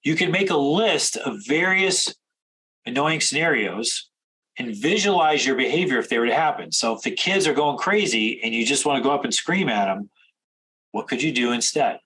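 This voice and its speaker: A man coaching traders in a direct instructional talk, firing off rapid questions. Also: mid-range voice, expressive, pushed and bright, a little hiss or hum, rough recording. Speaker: trading coach.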